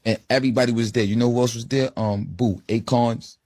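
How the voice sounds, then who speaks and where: A man's voice: mid-range voice, fairly even intonation, a little fast, darkish tone, no room sound, studio quality. A man casually telling a loose, boastful street story in an interview clip.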